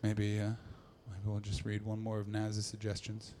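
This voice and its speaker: A man telling a comic story on a podcast, animated and breaking into loud impressions. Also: lowish voice, normal speed, slight background noise. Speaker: comedian and podcast host.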